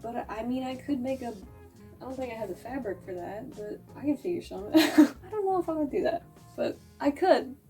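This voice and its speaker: A woman's voice: high-pitched, animated, fairly quick, mellow, soft background music. A woman chatting casually in a vlog, rambling and self-deprecating, often a bit out of breath. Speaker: vlogger. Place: at home crafting, later outdoors on a walk.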